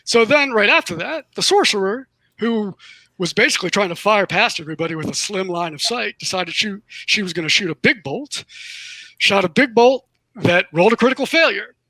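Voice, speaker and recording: A man, a game master, telling a casual anecdote on a panel over a video call, relaxed and amused. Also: high-pitched, fairly quick, no room sound, rough recording.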